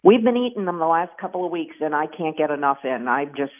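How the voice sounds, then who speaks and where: A woman's voice: low voice, animated, quick pace. A woman calling in by phone to a radio show, talking about her farmers market in an upbeat, chatty way with some restarts. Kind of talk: casual phone-in chat. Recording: tinny phone line.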